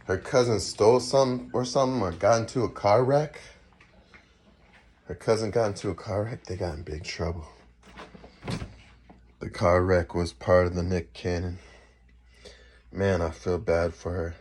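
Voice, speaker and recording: A man's voice: deep voice, steady tone, a little slow, pauses often, a little mellow, a little hiss or hum. A man rambling through a casual, half-improvised monologue, drifting from one fanciful idea to the next and swearing mildly now and then. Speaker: vlogger.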